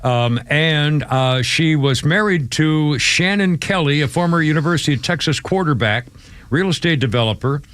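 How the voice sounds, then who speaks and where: A man co-hosting a talk radio show, laughing along and chiming in with quick reactions. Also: fairly high pitch, expressive, fairly bright tone, no room sound. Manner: chuckling sidekick, chimes in with quick reactions. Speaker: radio co-host. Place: radio studio. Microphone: studio microphone.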